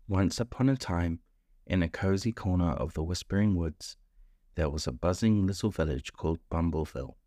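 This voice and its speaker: A man narrating a bedtime story in a slow, soothing manner. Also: deep voice, warm tone.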